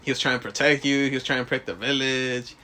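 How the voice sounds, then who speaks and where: A man's voice: medium pitch, fairly even intonation, fast, pushed and bright. A young man co-hosting a casual podcast, crude and joking, ranting with mocking impressions. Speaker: podcast co-host. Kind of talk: casual chat.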